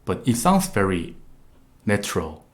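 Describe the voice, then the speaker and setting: A man's voice: fairly low pitch, sing-song, unhurried. A man with a Korean accent, a native Korean speaker, teaching a live online language lesson with patient, repetitive explanations and frequent "uh" fillers.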